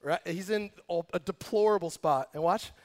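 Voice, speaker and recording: A young man preaching a casual, lively sermon, joking and acting out quotes as he tells a story. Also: sits high, normal speed. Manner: animated, jokey storytelling with acted quotes. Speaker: pastor.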